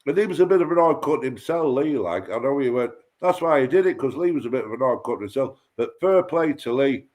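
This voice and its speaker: Man for a livestream chat, tells a rambling, profane story, restarts often, average pitch. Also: animated, fairly quick, a little mellow. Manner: rambling, sweary, repeats himself and stumbles on words. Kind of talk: casual storytelling.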